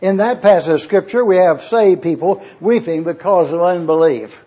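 Man, preacher, high mellow voice, deliberate sermon delivery, dull lo-fi recording. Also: breathy edge. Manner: deliberate, spells out Greek words letter by letter; repeats points for emphasis, urges listeners to take notes.

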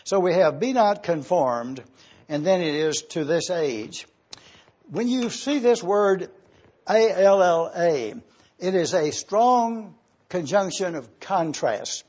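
A man preaching an expository sermon, slowly spelling out Greek words letter by letter as he teaches. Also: high voice, lively intonation, a little mellow, breathy edge, muffled recording.

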